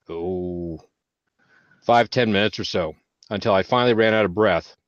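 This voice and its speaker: A man's voice: lowish voice, measured pace, pauses often, no echo. Profane man telling stories, dull lo-fi sound. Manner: heavy profanity, loud bursts when quoting himself. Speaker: veteran panelist. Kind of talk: casual storytelling chat. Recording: dull lo-fi audio.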